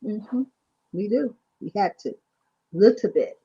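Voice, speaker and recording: Husky woman hosting a faith livestream. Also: mid-range voice, lively intonation, slow, dark tone. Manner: repeats "you know what I'm saying". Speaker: livestream host. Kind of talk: casual faith talk. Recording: dull lo-fi sound.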